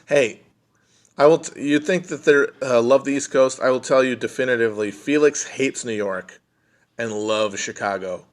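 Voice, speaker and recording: A man with a medium-pitched voice talks at a moderate pace while hosting a casual livestream from home on his phone. He answers viewer questions bluntly, jokingly and with profanity.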